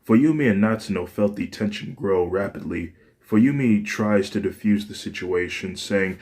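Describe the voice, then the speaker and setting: A man's voice: fairly low pitch, normal speed, hardly any pauses, a little mellow. A man narrating a fan fiction story in a plain, unpolished reading with frequent restarts.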